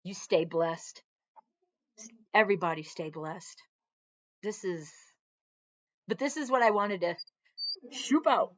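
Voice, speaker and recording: A woman's voice: lowish voice, takes it slowly, long pauses, lo-fi sound. A woman Air Force veteran talking earnestly in a casual vlog, her arm in a sling, chatting on and breaking off to scold her dog. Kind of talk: casual heartfelt vlog talk.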